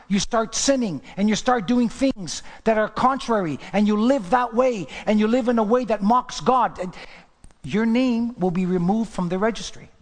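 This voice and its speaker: A high-pitched male pastor preaching in a church sanctuary, his voice trailing off into a long hall reverb. He is emphatic, asks the congregation rhetorical questions and swings between loud declarations and hushed asides. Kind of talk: sermon.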